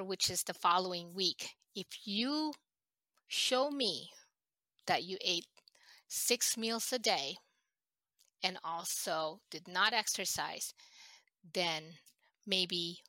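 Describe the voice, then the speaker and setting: Middle-aged woman guest, halting and emotional, bright voice. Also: medium pitch, dry recording. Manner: halting, emotional, many restarts. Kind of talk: personal storytelling in an interview.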